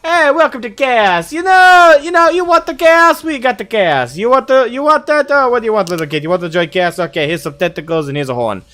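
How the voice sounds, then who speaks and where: A man's voice: on the high side, quick pace, hardly any pauses, no echo, soft background music, pitched below the performer's own voice, close to an everyday voice. A man voicing a cheerful male Chaos recruiter in a game, with a mock Italian accent and sing-song sales patter. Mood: cheery.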